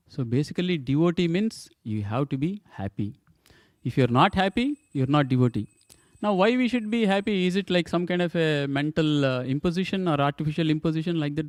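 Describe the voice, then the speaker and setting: A man's voice: a little high, a little mellow, no echo, clean studio sound. A man giving a temple scripture class, emphatic, repeating points and asking rhetorical questions.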